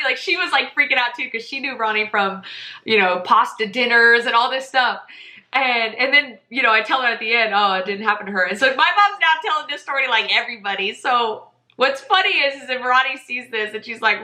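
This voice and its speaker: Woman podcast host, animated and breezy storyteller, bright voice, roomy echo. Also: fairly high pitch, fairly quick. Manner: animated, chatty, laughs often, says "whatever". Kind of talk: casual storytelling monologue.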